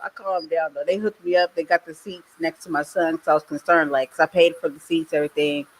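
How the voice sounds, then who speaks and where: A woman's voice: deep voice, fairly even intonation, brisk, poor audio. A middle-aged woman hosting a podcast, telling a personal story in casual chat and laughing often. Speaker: podcast host.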